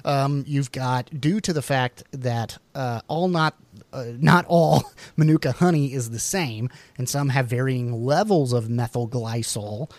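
A man's voice: medium pitch, a little slow, a little mellow, no room sound. A man co-hosting a podcast, reading food facts aloud with jokey asides and the odd stumble over words. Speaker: podcast co-host.

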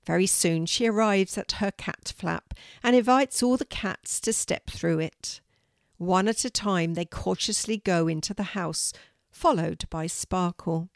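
An older woman narrating a children's story in a calm, steady storytelling manner. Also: on the low side, unhurried, vocal fry, no echo, studio quality.

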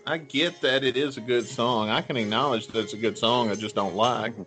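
Profane, joking podcast co-host. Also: male voice, medium pitch, steady tone, fairly quick, fairly bright tone, faint music behind, rough recording. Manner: loose, profane, laughing banter. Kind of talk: casual chat. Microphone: video call.

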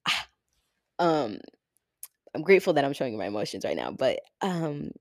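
A woman's voice: a bass voice, moderate pace, dry recording, clean studio sound. A young woman hosting her own podcast, talking casually and animatedly, full of "like" fillers and swearing, getting emotional. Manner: animated, chatty, heavy use of "like" and swearing. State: getting emotional, near tears. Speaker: podcast host. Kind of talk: casual solo podcast monologue.

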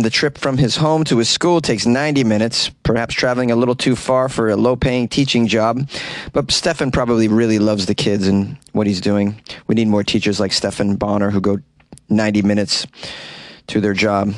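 A man's voice: lowish voice, fairly even intonation, moderate pace, no room sound. A man hosting a comedy news podcast, reading articles aloud and mocking them sarcastically, recorded in a small closet. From lived in New York City. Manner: sarcastic, riffing on articles he reads. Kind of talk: comic news commentary.

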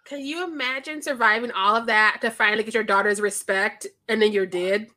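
A woman's voice: medium pitch, brisk. A woman in her thirties co-hosting a movie podcast, chatting casually, laughing often, swearing and acting out what characters said. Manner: animated, laughing, swears, acts out lines. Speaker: podcast co-host. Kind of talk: casual movie review chat.

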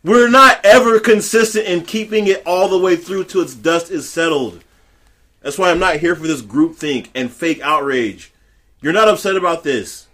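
A man on a podcast delivering a profane, heated rant, swinging between low growls and high shouted bursts. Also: moderate pace. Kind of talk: profane ranting commentary.

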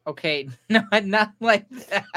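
Bright-voiced young man, laughing host. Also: high-pitched, takes it slowly. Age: young adult. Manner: laughs easily, loose rambling delivery. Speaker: podcast host. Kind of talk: casual chat.

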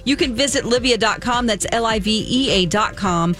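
A woman's voice: a little high, moderate pace, a bit bright, faint music behind. A woman co-hosting a morning radio show, telling gossip in a giggly, chatty way. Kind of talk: casual morning radio chat.

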